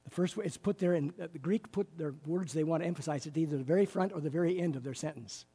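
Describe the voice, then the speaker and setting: A man's voice: fairly high pitch, fast, mellow, slightly rough. A man teaching a Bible class, explaining word meanings with enthusiasm and frequent fillers, recorded in a reverberant room.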